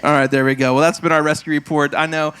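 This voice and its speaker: A male pastor leading prayer and announcements, playful and quick to laugh at his own jokes, acting out puns in silly voices. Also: fairly high pitch, flat delivery, fairly bright tone, slight background noise. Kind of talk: church service prayer and announcements.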